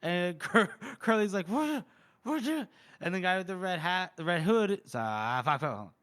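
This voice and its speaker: A young man on a podcast recaps a book chapter in a relaxed, rambling way. His voice sits a bit high and sounds clean and smooth, and he drops into short quoted lines with a laugh here and there. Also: moderate pace. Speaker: podcast co-host.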